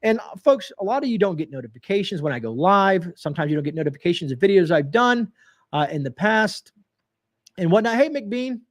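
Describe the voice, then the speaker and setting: Male livestream host, high voice, folksy and rambling, addresses viewers as folks. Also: very animated, brisk. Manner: reads viewer comments aloud, greets chatters. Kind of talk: casual livestream chat.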